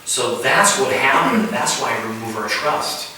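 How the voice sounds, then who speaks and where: A man's voice: mid-range voice, a little slow, slight background noise. A man preaching an informal sermon in a house church, acting out little scenes and questioning the room. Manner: animated, acts out little scenes, asks the room. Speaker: pastor. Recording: echoey room, mic far off.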